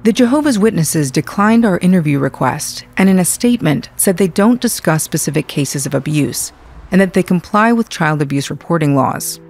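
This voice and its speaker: A woman reading the scripted narration of a documentary in a measured, even way. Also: fairly low pitch. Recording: faint music underneath.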